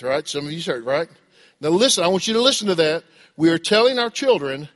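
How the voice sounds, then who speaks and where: A man's voice: fairly high pitch, expressive, fairly quick, fairly bright tone. A middle-aged man preaching a sermon, asking the congregation questions and acting out the voices he quotes. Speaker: pastor.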